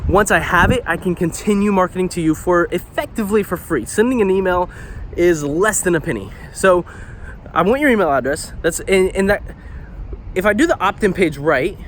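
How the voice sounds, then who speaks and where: A man's voice: high voice, animated, normal speed, fairly bright tone, slight background noise. A web designer and marketer talking casually while he paces, a little out of breath, with lots of fillers. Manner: conversational, lots of fillers and "right?". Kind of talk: casual explainer monologue.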